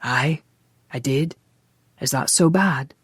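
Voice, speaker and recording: A narrator voicing a Scottish man who speaks softly and earnestly. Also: mid-range voice, takes it slowly, slightly rough, no room sound, studio quality. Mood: pleading. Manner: soft, earnest. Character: Scottish man, soft-spoken and pleading.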